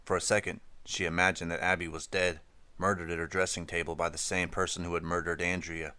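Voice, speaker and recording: Deep, smooth male audiobook narrator. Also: level tone, fairly quick, sharp tone, no echo.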